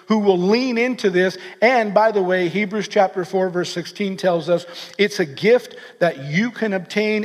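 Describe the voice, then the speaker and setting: A man with a high voice preaches with earnest energy, stumbling and restarting his phrases as he pushes his points. His sermon rings out with a long reverb trailing behind it, as if it were recorded in a large hall. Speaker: pastor.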